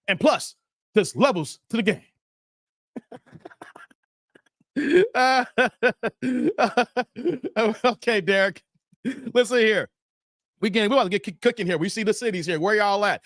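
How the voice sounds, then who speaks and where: Male stream host, higher voice, playful banter, dry close sound. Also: normal speed, pauses often, a bit bright, dry recording. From Chicago area. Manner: laid-back, playful, trash-talking banter. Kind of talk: casual live stream chat reading comments.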